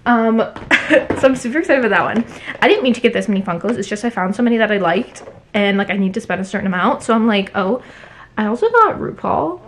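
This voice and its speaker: A woman's voice: mid-range voice, expressive, fast, slight background noise. Chatty woman vlogging a haul. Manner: chatty, fillers every few words. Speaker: book vlogger. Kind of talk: casual haul vlog chat. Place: home.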